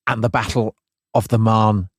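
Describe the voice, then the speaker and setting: Male podcast co-host, lowish voice, dry teasing humor. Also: fairly even intonation, normal speed, husky, no echo. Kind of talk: casual history podcast chat.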